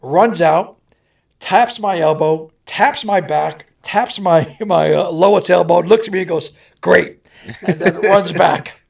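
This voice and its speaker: A man, a stuntman guest, telling animated on-set stories and acting out the voices of the people in them. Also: high-pitched, measured pace, gravelly. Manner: animated, acts out voices in anecdotes. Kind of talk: animated storytelling.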